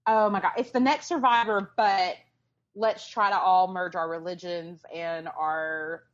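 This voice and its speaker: A woman co-hosting a casual pop-culture podcast, talking in a sarcastic, animated way. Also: fairly low pitch, a little slow. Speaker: podcast co-host. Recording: dull lo-fi sound.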